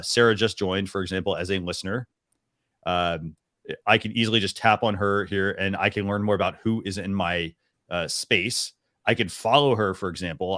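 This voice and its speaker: A man with a fairly low voice hosts a talk show and walks through a live demo. He rambles casually, full of fillers and restarts. His voice sounds dry and close, with no room around it. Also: fairly bright tone, no room sound. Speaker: show host.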